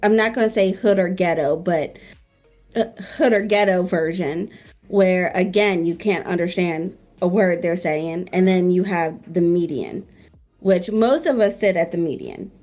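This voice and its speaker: A woman's voice: lowish voice, unhurried, darkish tone, soft background music. A young woman from New Orleans, a streamer guest, talking frankly and casually in an interview. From New Orleans, Louisiana. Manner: candid, frank, laid-back.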